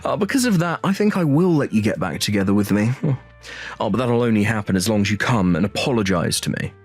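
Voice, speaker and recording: A man's voice: on the low side, lively intonation, fast talker, husky. A synthetic man's voice reading an arrogant, cheating rich ex-husband who taunts smugly in a text-message story. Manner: smug, taunting. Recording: faint music underneath.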